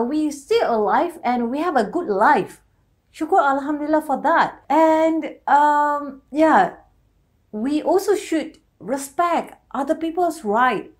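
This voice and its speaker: A Malaysian woman with a Malaysian English accent hosting a reaction video, talking in an earnest, emotional, halting way with frequent restarts. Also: high voice. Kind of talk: reaction commentary.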